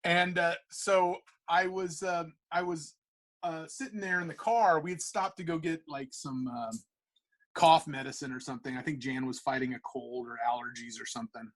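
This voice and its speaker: A man, a comic book artist and podcast guest, telling a casual anecdote in an animated, profane, rambling way full of fillers. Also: fairly high pitch, moderate pace.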